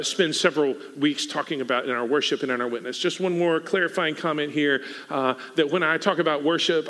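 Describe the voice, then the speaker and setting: Bright-voiced man preaching in a hall. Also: fairly high pitch. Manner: conversational, joking asides. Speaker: pastor. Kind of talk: sermon. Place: church sanctuary. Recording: long reverb of a hall.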